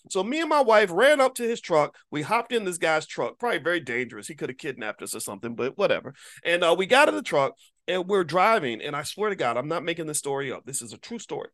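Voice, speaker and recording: A man's voice: high voice, big pitch swings, quick pace, a bit bright. A man giving a casual monologue to viewers as an online commentator. He speaks emphatically and preachily, with casual profanity, and repeats words when he restarts a thought.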